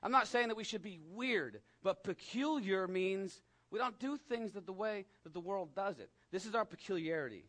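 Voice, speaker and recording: A man with a West Texas drawl delivers a sermon in a talky, conversational way. His voice sits a little high for a man. He swings from emphatic peaks down to hushed asides. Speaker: pastor.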